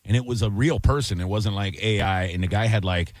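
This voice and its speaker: A man's voice: on the low side, brisk, dry recording. A man on a radio talk show, telling a brash, mocking story in casual banter into a studio mic.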